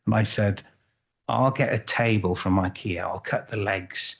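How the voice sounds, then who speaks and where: A man's voice: low-pitched, steady tone, measured pace, vocal fry, husky. A middle-aged man from Wales, giving a chatty, self-deprecating conference talk as a photographer, with frequent restarts. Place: conference hall.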